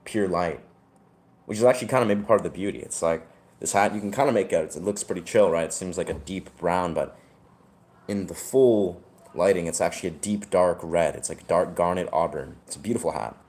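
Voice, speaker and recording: A man talking casually to camera about his hat and music, rambling and laid-back, often pausing to search for words. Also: sits low, a little mellow.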